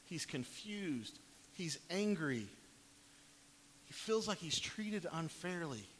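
A man preaching a sermon, reading scripture dramatically, rising to loud pleading and dropping to quiet, low emphasis. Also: big pitch swings, slow pace. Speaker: pastor. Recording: long hall reverb, faint hiss.

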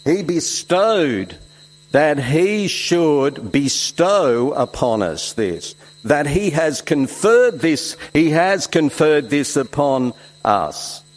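A man from Switzerland, preaching a sermon with emphatic exclamations and soft asides. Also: a little high, sing-song, extremely slow, low-quality recording. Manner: emphatic, swings between loud exclamations and soft reflective asides.

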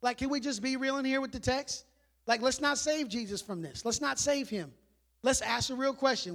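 A man preaching a sermon in a conversational style, asking rhetorical questions and dropping to quiet emphasis on key words. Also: very high voice, moderate pace. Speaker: pastor.

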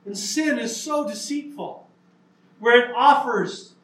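Male preacher, emphatic sermon delivery, unhurried, roomy echo. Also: very high voice, a bit bright, recorded from a distance. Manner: earnest, emphatic, with slow stressed lines.

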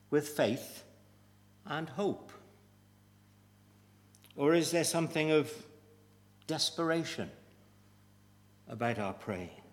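Emphatic male preacher in a reverberant church. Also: medium pitch. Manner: deliberate and emphatic, with measured pauses. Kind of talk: sermon. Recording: long reverb of a church hall.

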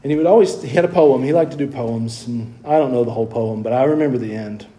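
A man's voice: medium pitch, fast, dark tone. A middle-aged male pastor telling his own conversion story in a sermon, folksy and earnest, sometimes repeating words as he presses a point.

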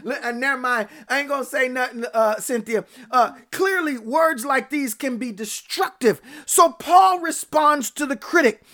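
A woman's voice: sits high, normal speed, few pauses, a bit bright. A woman preacher delivering a fervent sermon, calling out to her congregation by name and rising to emphatic peaks.

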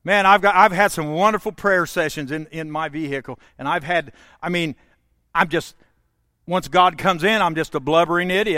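High-voiced preacher, loud to hushed. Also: male voice, dry recording, clean studio sound. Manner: preaching with swings from loud to quiet; folksy, talks straight to the congregation. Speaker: pastor. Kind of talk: sermon.

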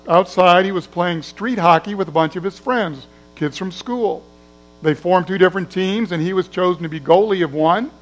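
A man's voice: high voice, rough recording. A man preaching a sermon in a conversational way, acting out the voices of people in his story. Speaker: pastor.

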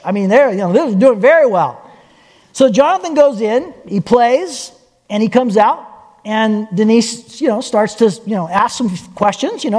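High-voiced animated pastor in a reverberant hall. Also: male voice, moderate pace. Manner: animated storytelling, acting out quoted voices. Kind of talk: sermon.

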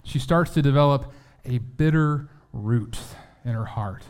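A man's voice: medium pitch, measured pace, darkish tone. A man preaching a sermon in a conversational way, acting out quotes and often restarting his sentences.

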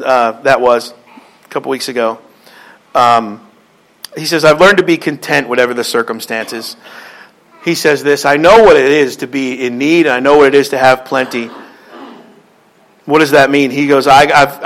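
High-voiced man preaching with rising emphasis. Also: a bit bright, poor audio. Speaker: pastor. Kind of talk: sermon.

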